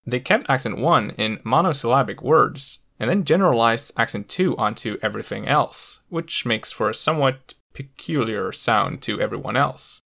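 A man narrating a scripted language lesson, explaining clearly with the odd playful aside. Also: medium pitch, animated, moderate pace, hardly any pauses, sharp tone. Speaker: language educator.

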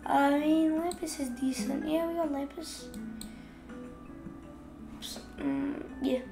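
High-voiced woman chatting over gameplay. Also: fairly even intonation, slow, vocal fry, roomy sound, over music. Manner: chatty, scolds the game's fish out loud. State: has the hiccups. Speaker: gaming video host. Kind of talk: casual gameplay commentary.

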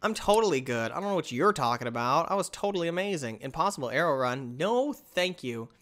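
A man narrates his gameplay in an excitable rush, his pitch leaping all over the place. His voice is bright and keen, and he yelps and trash-talks as he plays. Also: a little fast. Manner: excitable, yelps and exclaims loudly. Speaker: gamer.

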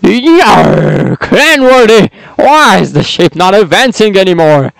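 A man's voice: high voice, lively intonation, takes it slowly, gravelly, a bit bright, clean tone, no room sound, full character voice, low-quality recording. A man voicing a bossy male pirate zombie captain in a growling pirate voice. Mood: blustering.

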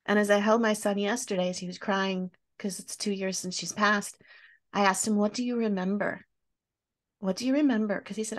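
A woman who hosts a podcast, speaking in a tender, reflective way and going soft as she holds back tears. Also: medium pitch, fairly even intonation, a little fast. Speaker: podcast host and author. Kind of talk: heartfelt interview conversation.

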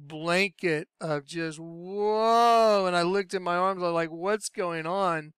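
A man telling his personal religious testimony in a lively storytelling way, acting out what he said back then. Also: fairly high pitch, measured pace, clean tone, no echo, studio quality. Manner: animated storyteller, acts out his own past voice. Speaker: speaker sharing a religious testimony.

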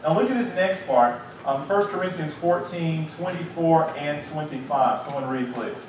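A man, a pastor, leading a Bible study and teaching in an animated, lively way with acted-out asides. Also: a little high, moderate pace. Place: church sanctuary. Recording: echoey room, distant mic, faint hiss.

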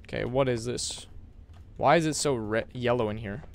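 Hyped young male game streamer, gravelly. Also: medium pitch, normal speed, slight background noise. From America. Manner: loud bursts and shouted hype, then mumbled asides. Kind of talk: live game stream chat.

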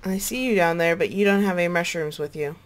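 A woman hosting a casual let's-play, chatting with a co-player and excitable at dangers in the game. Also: fairly low pitch, fast. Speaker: gaming channel host.

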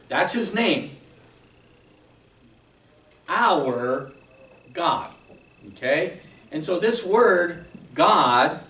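Man, pastor, sermon, slightly high voice, a bit far from the mic. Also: a bit bright, reverberant. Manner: explanatory teaching, frequent "okay?" check-ins. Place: church sanctuary.

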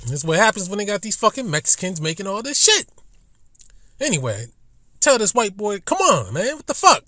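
A man telling a profane story as a YouTube commentator, swinging between low muttering and loud outbursts. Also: wildly swooping pitch, a little fast, dry recording.

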